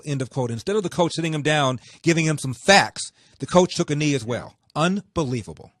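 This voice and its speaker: A man's voice: a little high, expressive, a little fast, hardly any pauses, no echo, studio quality. A man hosting a talk radio show, reading quotes aloud with a sarcastic edge and taking calls.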